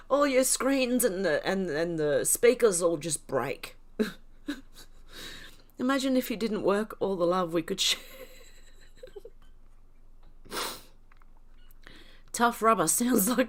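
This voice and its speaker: An older Australian woman hosts a casual livestream, reading chat comments while laughing so helplessly she's in tears. She snorts and lets out breathless giggles, her mid-range voice expressive and slow, with frequent pauses.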